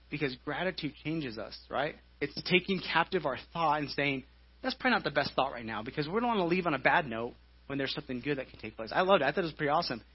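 A man's voice: fairly high pitch, husky, muffled recording. A man preaching a live church sermon in a conversational style, often checking in with "right?" and repeating words as he goes. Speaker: pastor. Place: church service.

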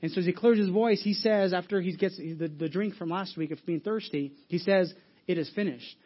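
A man's voice: high-pitched, brisk, highs cut off. A man preaching a sermon as pastor, telling a story casually with many restarts and asides. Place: church.

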